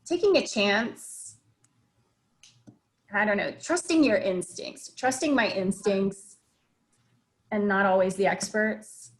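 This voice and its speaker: A woman restaurant owner talks over a video call from her home office. She tells her story in a reflective way, with plenty of fillers and small restarts, and her voice sits at an ordinary middle pitch. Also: slow pace, pauses often.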